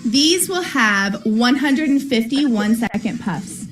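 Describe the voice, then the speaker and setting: Woman, livestream seller; high and lively pitch, bubbly, loud cheers, music bed. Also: a little slow. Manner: bubbly, hyped, shouting greetings to viewers. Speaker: livestream sales host. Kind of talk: excited livestream selling.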